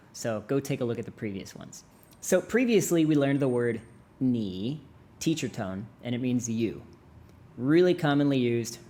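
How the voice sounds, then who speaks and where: A man's voice: mid-range voice, darkish tone. Playful man teaching with jokes. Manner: playful, exaggerated tone demonstrations. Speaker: language teacher. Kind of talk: jokey video lesson.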